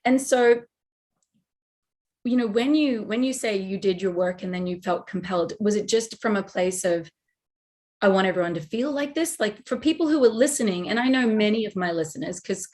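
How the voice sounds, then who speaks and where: A woman's voice: medium pitch, animated, normal speed, darkish tone. A woman hosting a podcast, effusive and reflective in her replies. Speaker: podcast host. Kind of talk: conversational interview.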